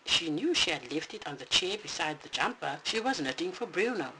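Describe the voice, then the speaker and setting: A narrator reading a bedtime storybook aloud in an expressive, animated way. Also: medium pitch, a little fast, noisy background.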